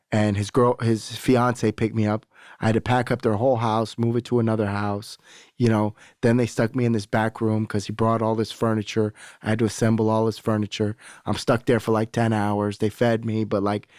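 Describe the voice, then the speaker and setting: A man's voice: fairly low pitch, little pitch movement, normal speed, a little mellow, dry recording, clean studio sound. A young adult man, a podcast guest, telling a candid personal story in casual talk, swearing freely and acting out the voices of people he quotes.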